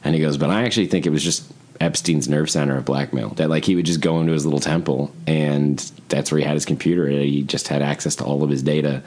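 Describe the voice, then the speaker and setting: A man with an extremely deep, low voice talks through a casual podcast chat. He rambles and swears freely, and he jumps into other people's voices as he tells a story. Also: quick pace. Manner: profane, rambling, animated storytelling. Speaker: podcast co-host. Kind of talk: casual conversation.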